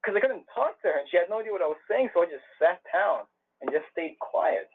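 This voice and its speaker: High-voiced man recalling a moment, phone. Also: very animated, quick pace, breathy edge. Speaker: webinar participant. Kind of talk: personal anecdote. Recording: phone-line audio.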